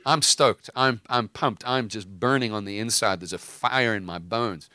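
A man's voice: on the low side, moderate pace, pushed and bright, no room sound, clean studio sound. A man preaching with fiery emphasis, mixing stories and casual asides with scripture. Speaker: preacher and host. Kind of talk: impassioned preaching.

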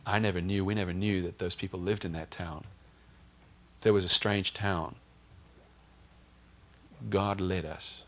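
A man preaching a sermon through a personal story, lively, acting out the dialogue in a raised voice. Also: sits low, a little slow, long pauses. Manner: animated, acts out dialogue in a raised voice.

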